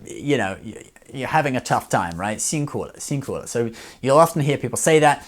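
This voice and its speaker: A man explaining phrases in a relaxed video lesson, often checking in with "okay?". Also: mid-range voice, brisk. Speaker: Chinese language teacher.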